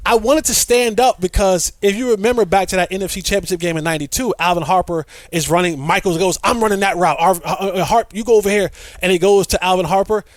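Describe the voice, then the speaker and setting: A middle-aged man telling a story with lively energy, acting out quotes and repeating himself as he goes. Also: high-pitched, fast, few pauses, dry recording. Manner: excitable storyteller, acts out quotes, repeats words. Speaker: podcast guest, former player. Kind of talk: animated storytelling.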